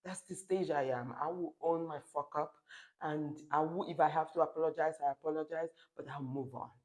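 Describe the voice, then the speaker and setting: A woman's voice: low-pitched, a little fast, poor audio. Blunt, swearing woman vlogger in her thirties. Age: 30s. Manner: blunt, swears freely, animated and emphatic. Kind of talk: casual vlog monologue. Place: lives in Spain.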